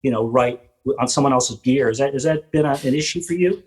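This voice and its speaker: A man hosting a podcast, telling rambling stories from his work as a theater drummer and quoting other people with animated voices. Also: mid-range voice, fast talker, poor audio. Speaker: podcast host and Broadway drummer. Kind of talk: casual interview chat.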